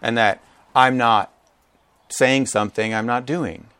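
A man preaching a sermon to his congregation. He is animated and joking, and acts out quotes with big jumps in pitch. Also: measured pace, clean tone, dry recording. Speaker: pastor. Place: church gathering with a live congregation.

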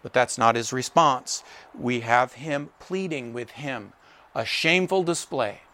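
A man preaching a sermon, animated, acting out the characters in quoted voices as he tells the story. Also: mid-range voice, a little slow. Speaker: pastor.

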